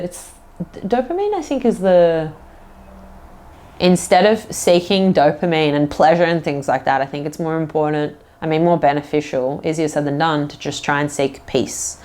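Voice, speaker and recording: A woman with a low, warm voice hosts a casual solo podcast. She rambles loosely, fills her talk with lots of "like" and "um," and slips into playful put-on accents.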